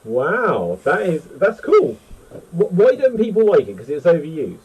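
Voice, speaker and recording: Excitable chatty male host. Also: fairly high pitch, unhurried, a little hiss or hum, poor audio. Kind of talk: casual panel chat.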